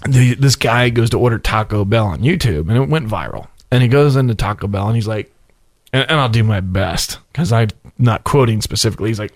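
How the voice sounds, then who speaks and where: A man in his thirties hosting a casual chat, telling animated stories and laughing often. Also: fairly low pitch, a little fast, no echo, clean studio sound. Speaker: podcast host.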